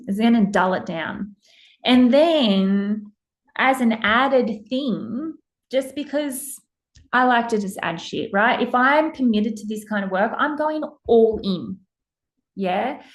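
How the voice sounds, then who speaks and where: A woman hosting a podcast in a casual, emphatic monologue, blunt and swearing freely. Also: medium pitch. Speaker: podcast host.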